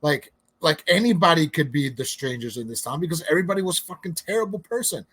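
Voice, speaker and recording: A man's voice: a little high, animated, fast, fairly bright tone, slightly rough. A man co-hosting a movie review podcast, sarcastic and blunt, swearing freely. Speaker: podcast co-host. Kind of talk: casual movie review chat.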